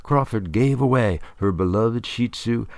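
A man's voice: mid-range voice, a little slow, no room sound, studio quality, natural voice. A man voicing a pedantic male mercenary who drops film trivia.

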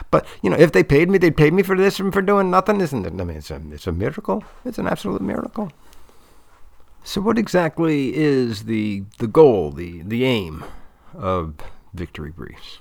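A man talks in a rambling, comic monologue about his coaching work, circling back and repeating himself as he goes. His voice is gravelly and rough, with a pitch that jumps up and down all the time. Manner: rambling, repetitive, full of restarts. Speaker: debate coach.

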